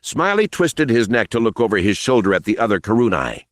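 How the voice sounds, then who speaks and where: A man reading a novel aloud as audiobook narrator, expressive and dramatic. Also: lowish voice, brisk, dry recording, clean studio sound.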